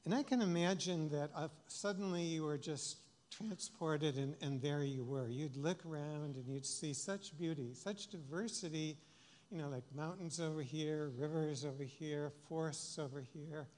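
A man preaching a reflective sermon in a church, speaking haltingly with many fillers. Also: a little high, a little mellow. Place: church sanctuary. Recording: long reverb of a church hall.

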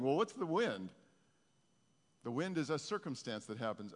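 A male pastor giving a conversational sermon, his intensity swinging from soft to loud. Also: medium pitch, brisk, long reverb tail. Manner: conversational preaching, rising and falling in intensity.

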